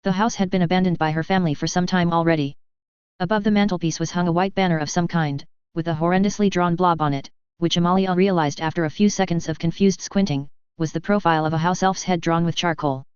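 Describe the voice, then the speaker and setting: A woman reading fan fiction aloud in an even, measured storytelling voice. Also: lowish voice, smooth, no room sound. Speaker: story reader. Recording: dull, lo-fi, dry.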